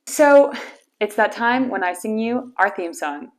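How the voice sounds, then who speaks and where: A woman's voice: a little high, animated, a little slow. A young woman from Wisconsin hosting her own small talk show, chatty and playfully teasing. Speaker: host. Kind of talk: casual solo talk show.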